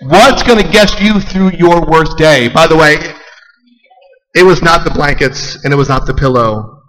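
A young man preaches from the front of a large church hall, his voice bright and forceful. He swings from hushed, low lines to loud, high bursts. A long reverb trails each phrase. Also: normal speed. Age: young adult. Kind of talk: sermon.

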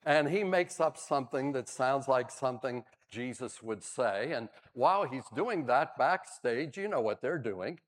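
A man's voice: medium pitch, a little slow, hardly any pauses, in a large hall. An older man, a pastor, preaching a sermon, telling stories with dry humor. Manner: animated storyteller, dry humor. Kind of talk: sermon with storytelling.

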